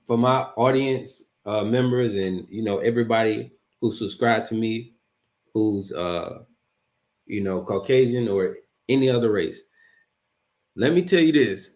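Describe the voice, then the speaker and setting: A man with a fairly low voice talks to his audience in reaction commentary. He stops and restarts often, with chuckling asides. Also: unhurried, a little mellow. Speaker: host commenting on a clip.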